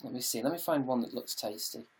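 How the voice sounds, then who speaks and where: A man's voice: medium pitch, fast talker, slightly rough. A British man chatting casually on a live stream, reading out viewer comments and answering them in a jokey, sweary way from his home.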